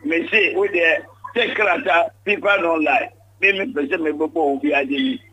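A man's voice: on the high side, moderate pace, sharp tone, dull audio, a little hiss or hum. An older Ghanaian man giving an interview, speaking emphatically and often repeating words when pressed. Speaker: interview guest. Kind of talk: candid interview.

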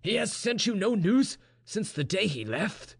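A man's voice: high voice, sing-song, a little slow, vocal fry, breathy edge, pitched above the performer's own voice, exaggerated voice. A man voicing a fond, smiling old army general speaking to his daughter in a genial, coaxing way. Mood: concerned.

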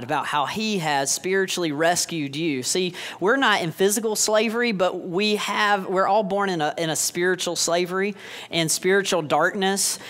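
A man's voice: sits high, a bit bright. A man in his thirties, a pastor preaching a sermon with joking asides and sarcastic humor.

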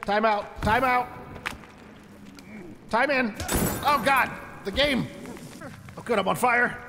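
High-voiced man narrating his gameplay. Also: slow, big-room sound, background noise. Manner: chatty, jokey, talks to enemies. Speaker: gameplay commentator. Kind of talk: let's play commentary.

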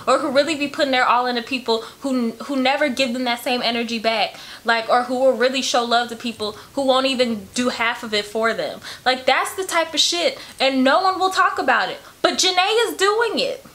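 High bright voiced woman reacting to music in her bedroom, emotional, cussing a lot. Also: fairly quick, few pauses. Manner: emotional, gushing, profane, animated. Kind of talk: casual reaction commentary.

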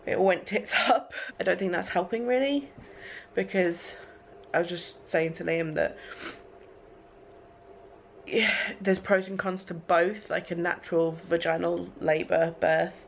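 A woman's voice: on the low side, measured pace, creaky, pauses often, slight background noise. A young woman talking casually to her camera at home, candid and rambling, often laughing between emotional thoughts. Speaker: vlogger. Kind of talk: casual vlog talk to camera. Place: echoey room at home. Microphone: compact camera.

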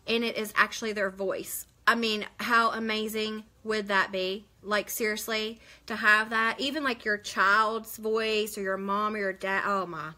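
Woman, bright voice, casual live-stream chatter, rambling, greets viewers. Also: medium pitch, steady tone, unhurried, hardly any pauses. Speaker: beauty vlogger hosting a live stream.

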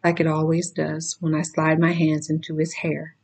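Woman reading a novel aloud, low voice, very even and flat, occasional self-corrections. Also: normal speed, rough recording. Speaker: reader.

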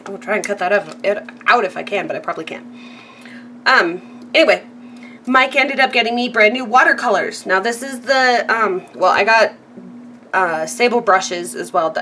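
A woman's voice: mid-range voice, a bit bright, a little hiss or hum. A woman from California chatting casually through a craft supply haul, rambling with frequent ums and self-corrections and laughing at her own asides. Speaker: craft vlogger.

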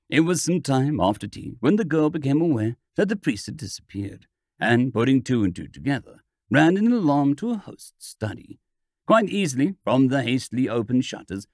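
Expressive male audiobook narrator, lively pitch. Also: dry recording, clean studio sound. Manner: expressive storytelling. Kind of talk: scripted narration.

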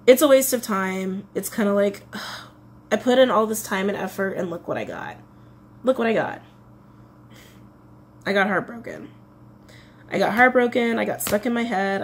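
A woman's voice: mid-range voice, slight background noise. A woman giving a casual tarot reading, chatty, often repeating her phrases. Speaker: tarot reader.

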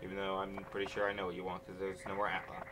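A man runs his gaming channel, playing and commenting casually while grumbling impatiently and cursing a lot. His low voice is totally flat and rapid-fire. The recording is very noisy, with video game music running underneath.

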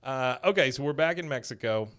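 A man's voice: medium pitch, lively intonation, a little fast, fairly bright tone. A man hosting a podcast, casually retelling an episode scene by scene with frequent "uh"s and chuckles. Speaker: podcast host.

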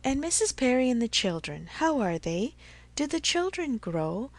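A woman reading the part of a gentle young mother who speaks earnestly and reassuringly. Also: on the high side, sing-song, moderate pace, dry recording, voice pushed up. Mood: earnest warm. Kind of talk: audiobook character reading.

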